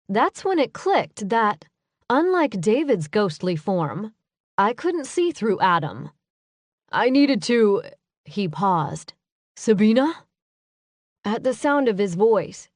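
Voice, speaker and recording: Woman narrator for an audiobook, slow and measured, close dry sound. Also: mid-range voice, no room sound. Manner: measured, unhurried storytelling. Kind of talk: first-person scripted narration.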